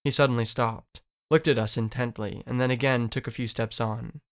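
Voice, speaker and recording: A man's voice: mid-range voice, steady tone, moderate pace, natural voice. A man reading as a wistful young dreamer. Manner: earnest, wistful literary reading. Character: lovesick lonely young male dreamer. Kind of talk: dramatic reading of a novel.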